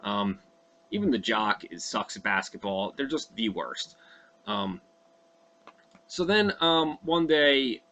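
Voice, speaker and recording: A man's voice: on the low side, very animated, slow pace, long pauses, bright, forceful tone, a little hiss or hum. A young man casually recounting a movie's plot from memory, loose and profane, full of fillers and asides. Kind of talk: casual rambling recap.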